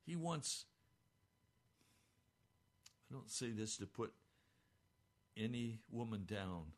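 An older man preaching a sermon as a pastor, impassioned, swinging between hushed and crying out, his voice almost hoarse. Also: fairly low pitch, slow, pauses often.

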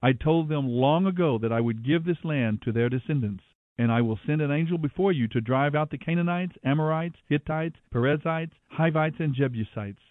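A man's voice: a little high, normal speed, hardly any pauses, no echo, close to an everyday voice. A man reading as a stern, angry God. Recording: dry, phone-like narrow sound.

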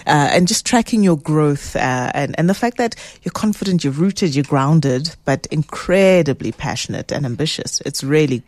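A woman hosting an interview, asking questions and reading out viewer messages in a gentle, soft-spoken way. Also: sits low, lively intonation, moderate pace, hardly any pauses, no echo. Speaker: interview host.

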